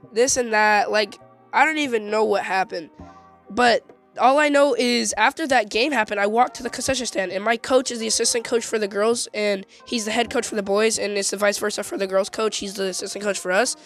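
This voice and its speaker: A teenage boy telling a story in a casual, animated, slangy way, often laughing mid-sentence. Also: very high voice. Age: teens.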